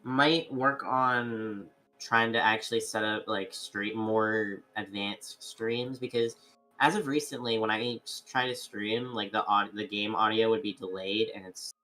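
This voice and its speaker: A man talking as a podcast guest in casual chat, halting, with many restarts and filler words. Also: fairly low pitch, bright, forceful tone.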